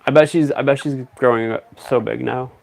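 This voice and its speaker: A man chatting casually on a stream, rambling and thinking out loud in a relaxed way. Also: mid-range voice, brisk, creaky. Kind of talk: casual chat.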